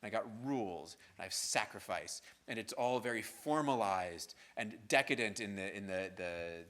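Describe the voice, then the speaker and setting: A man lecturing a class in an easygoing, chatty manner, his pitch rising and falling as he talks. He keeps tossing in "right?" and "um" while he works through his points. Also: moderate pace, a bit bright. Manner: conversational, frequent "right?" and fillers. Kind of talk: university lecture. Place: lecture hall.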